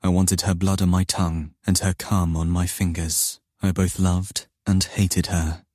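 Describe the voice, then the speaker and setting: A man narrating an audiobook in first person, in a slow, low, intimate and brooding manner. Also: level tone, darkish tone, no room sound, clean studio sound.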